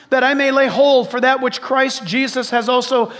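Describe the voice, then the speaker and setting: A pastor with a very high-pitched, slightly bright voice preaches an emphatic sermon full of rhetorical questions, repeatedly calling on the congregation to listen. He speaks at normal speed in a steady tone with hardly any pauses, and a long reverb trails his words through a large church hall.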